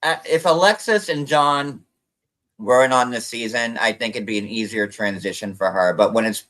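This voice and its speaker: A man's voice: mid-range voice, normal speed, fairly bright tone, poor audio. A man hosting a live show recap, gossiping animatedly, mimicking the people he quotes, and talking between bites of food on a computer mic. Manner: talks while snacking. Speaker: host.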